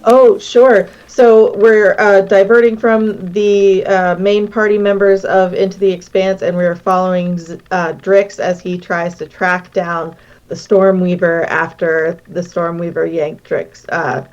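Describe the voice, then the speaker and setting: Woman playing a tabletop game, talks slow, kind of lower voice, hesitant. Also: fairly even intonation, darkish tone, dull audio. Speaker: player. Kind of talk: casual chat.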